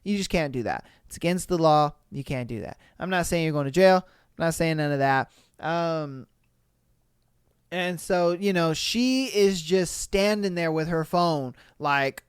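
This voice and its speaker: A woman podcast host reacting to a video and retelling it for listeners in a casual, animated way, now and then acting out the people in it. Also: sits low, normal speed, clean tone, no room sound, clean studio sound. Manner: animated, swearing, retells scenes in voices.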